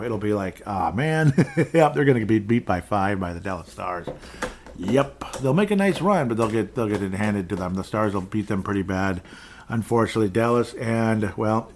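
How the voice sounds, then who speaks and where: A man's voice: fairly low pitch, normal speed. A man hosting a podcast, talking casually through sports predictions, rambling and correcting himself, often chuckling. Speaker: podcast host.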